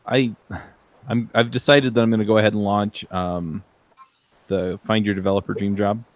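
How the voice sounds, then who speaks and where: Male podcast co-host, low voice, halting casual talk full of ums. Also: level tone. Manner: hesitant, many ums and restarts. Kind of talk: casual chat.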